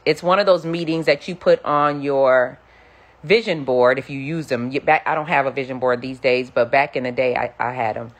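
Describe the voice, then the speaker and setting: A middle-aged woman preacher giving an animated testimony, acting out the voices she quotes. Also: extremely low pitch, moderate pace. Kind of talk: sermon-style storytelling.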